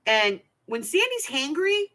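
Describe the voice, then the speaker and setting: Chatty older woman with a lively voice. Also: high voice, unhurried. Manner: chatty, rambling anecdotes with lots of asides. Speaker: craft channel host. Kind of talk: casual storytelling vlog.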